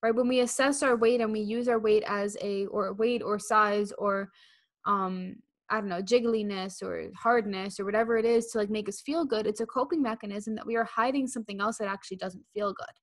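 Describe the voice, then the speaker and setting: A woman's voice: mid-range voice, fairly even intonation, brisk. A young woman co-hosting a podcast in casual chat, who keeps acting out quoted inner voices. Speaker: podcast co-host.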